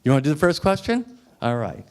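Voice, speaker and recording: A man's voice: on the high side, very animated, fast. Emphatic male motivational speaker. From United States. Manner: emphatic, repeats phrases for effect, teasing audience. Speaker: guest speaker. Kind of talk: motivational speech. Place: restaurant event room.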